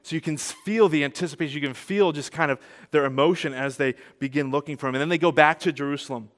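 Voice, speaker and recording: A man preaching a sermon as a pastor, conversational and animated, growing louder and softer as he tells the story. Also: a little high, fast. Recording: long hall reverb.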